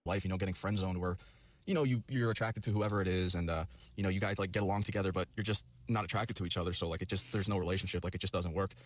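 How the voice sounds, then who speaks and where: Young guy, very fast talker with a lowish voice, rambling storyteller who swears constantly. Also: fairly even intonation. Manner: rambling, heavy on fillers and profanity. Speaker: storyteller in a video clip.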